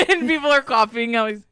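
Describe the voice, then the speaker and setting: A young adult woman co-hosting a podcast in casual chat, giggly and animated, often bursting into loud laughing shouts. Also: on the high side, moderate pace, smooth, no echo, studio quality. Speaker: podcast co-host.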